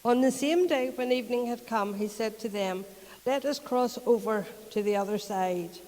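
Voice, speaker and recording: A woman's voice: a little high, moderate pace, a little mellow. Northern Irish woman preaching in an echoing church. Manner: chatty storytelling with frequent laughs. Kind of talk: conversational sermon.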